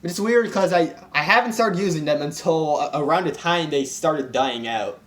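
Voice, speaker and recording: A man's voice: fairly high pitch, moderate pace, fairly bright tone. A young man in a comedic rant, exasperated and full of fillers and restarts. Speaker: commentary vlogger.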